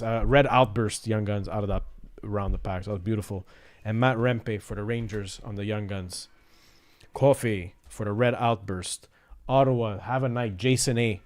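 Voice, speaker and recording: A man hosting a live sports card break, rattling off players and teams between upbeat asides. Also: fairly low pitch. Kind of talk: live pack-opening commentary.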